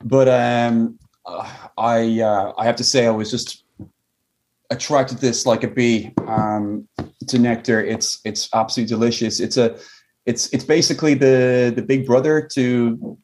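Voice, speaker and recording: Rambling Irish man, mid-pitched voice. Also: fairly even intonation, unhurried, a little mellow, a little hiss or hum. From Ireland. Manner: rambling, many fillers and restarts. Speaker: whiskey company owner. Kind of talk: casual chat.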